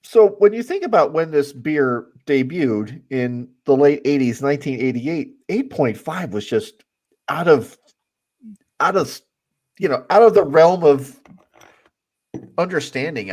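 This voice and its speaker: A man hosting a casual podcast chat, giving facts in a relaxed, knowing way. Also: on the high side, a little slow.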